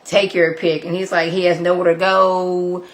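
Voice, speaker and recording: List: woman, vlogger, chatty, animated, casual storytelling, at home. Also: lowish voice, moderate pace. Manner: chatty, lots of "like", animated retelling. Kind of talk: casual TV episode recap.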